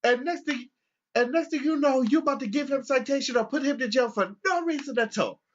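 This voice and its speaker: A man voicing an indignant old man who scolds loudly and swears as he claims a stranger as his grandson. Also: very high voice, brisk, a little hiss or hum, pitched above the performer's own voice. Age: older. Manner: loud, scolding, profane. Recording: dull lo-fi recording.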